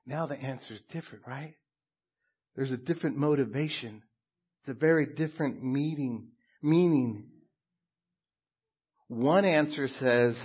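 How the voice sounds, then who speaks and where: A middle-aged man preaching a sermon as a pastor, slow and emphatic, dropping to hushed tones at times. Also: medium pitch, husky, lo-fi sound.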